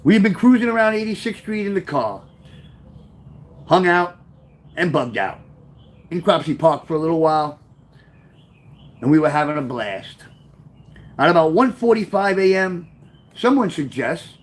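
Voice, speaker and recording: A man reading his own memoir aloud, telling the story with lively, offhand asides. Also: on the high side, moderate pace, pauses often. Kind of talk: first-person memoir storytelling.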